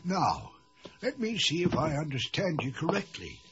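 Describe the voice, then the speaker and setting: A man playing a kindly, courteous gentleman doctor, gentle and reassuring. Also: a little high, huge pitch swings, normal speed, over music. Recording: dull lo-fi audio.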